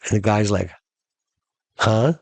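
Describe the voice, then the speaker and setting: A man's voice: fairly low pitch, unhurried, dry recording. A man hosting a podcast, telling a comic story in a chatty way that speaks straight to the listeners. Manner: conversational, addresses listeners as "folks". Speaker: podcast host.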